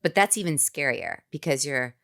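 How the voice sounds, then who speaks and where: A woman, an actress, telling a lively anecdote as a podcast guest in a casual chat. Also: deep voice, normal speed, vocal fry. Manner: animated, nervous-laughing anecdotes with fillers.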